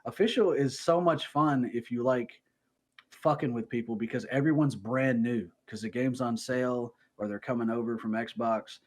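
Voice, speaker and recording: A man in a relaxed gaming podcast chat, his voice sitting at an ordinary middle pitch. He rambles loosely and throws in jokes and asides as he talks into a home microphone. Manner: joking, rambling, quick asides. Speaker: podcast co-host. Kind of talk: casual chat.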